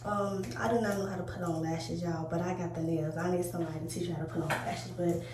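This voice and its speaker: A woman's voice: on the low side, fairly even intonation, fast. A young woman making a casual prank vlog in a car, talking back in a sassy, teasing way. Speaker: vlogger. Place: inside a car. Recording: echoey, distant, loud road noise.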